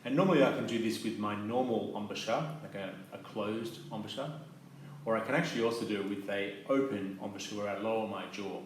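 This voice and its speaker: A man with a fairly low voice gives a calm, methodical lesson, pausing on soft fillers as he explains each point. His voice rings out in a very echoey room over a faint hiss of noise. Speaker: clarinet teacher. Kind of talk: instructional demonstration.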